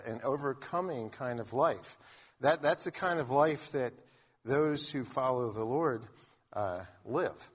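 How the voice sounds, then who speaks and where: Husky-voiced man preaching conversationally. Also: mid-range voice. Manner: conversational preaching with frequent restarts. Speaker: pastor. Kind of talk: sermon.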